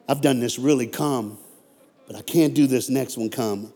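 A man's voice: mid-range voice, moderate pace. American man preaching in an echoey hall. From United States. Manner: storytelling, swings from hushed to loud and fired-up, jokes with the crowd. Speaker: motivational speaker. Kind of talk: live motivational sermon to a crowd. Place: large hall with a live audience. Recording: echoey hall with long reverb.

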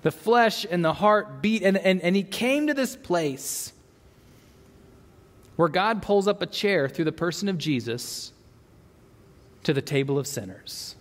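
A man's voice: high-pitched, sing-song, unhurried, pauses often, long reverb tail. A man preaching a sermon into a microphone, earnest and full of rhetorical questions, often repeating words as he searches for the next thought. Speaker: pastor.

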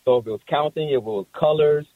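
A man who works as a barber, talking casually and haltingly, with many restarts and short laughs. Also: a little high, dry recording, phone-quality sound. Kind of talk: casual conversation.

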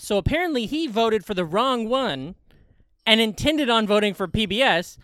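A man co-hosting a comedy podcast, chatting casually, joking quickly and laughing often. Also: high-pitched, expressive, fairly bright tone, smooth, dry recording, clean studio sound. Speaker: podcast co-host.

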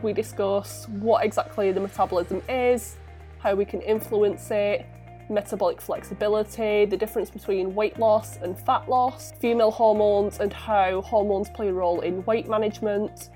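A woman hosting a podcast, reading a scripted intro in a clear, friendly, measured way before welcoming her guest. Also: mid-range voice, a little mellow. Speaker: podcast host.

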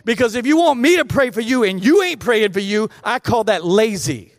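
A man's voice: high voice, animated, moderate pace, dry recording, in a large hall. A man preaching a sermon as pastor, emphatic and repetitive, with joking asides to the congregation. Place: church.

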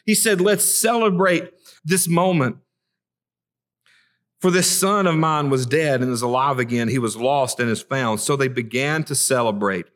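A man's voice: a little high, fairly bright tone. A man preaching a conversational sermon in a church, reading scripture and talking earnestly, often stumbling over and repeating his first words. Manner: earnest, repeats words when starting sentences. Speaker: pastor.

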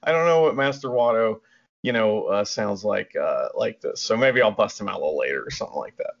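A man's voice: fairly low pitch, animated, fast talker. A man co-hosting a podcast in casual chat, giggly, loose and rambling. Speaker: podcast co-host. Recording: dull lo-fi audio.

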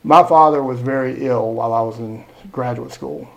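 A middle-aged man, a school superintendent telling lively stories in a podcast interview. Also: mid-range voice, normal speed, creaky, rough recording. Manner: animated storyteller, acts out quoted dialogue.

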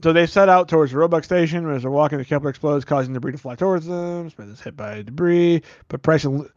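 A man's voice: on the high side, fast talker, dry recording, dull audio. A male podcast host casually recapping a movie, rambling with lots of fillers and the odd swear. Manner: rambling, filler-heavy retelling with frequent "like".

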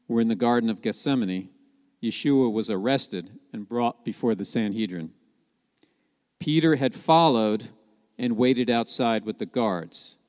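A man giving a sermon as a Messianic preacher, telling the story in a lively way and asking rhetorical questions. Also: mid-range voice, long reverb tail.

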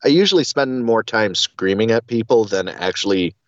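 A man's voice: lowish voice, animated, normal speed, dry recording, lo-fi sound. A man from central Wisconsin, a podcast guest in casual chat, joking and self-deprecating.

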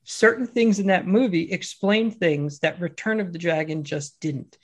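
A man co-hosting a casual film chat, telling stories in an animated way and laughing often. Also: sits high, normal speed. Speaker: podcast co-host.

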